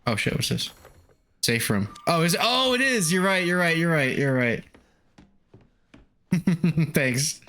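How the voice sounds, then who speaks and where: A man's voice: a little high, very animated, slow, pauses often, a bit bright. A man casually commentating his game stream, swearing freely and laughing often.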